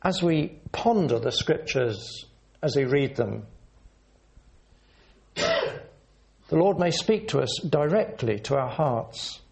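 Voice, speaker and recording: A man preaching a sermon in an earnest, measured teaching manner, leaning into words for emphasis. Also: fairly high pitch, animated, gravelly, darkish tone, slight background noise.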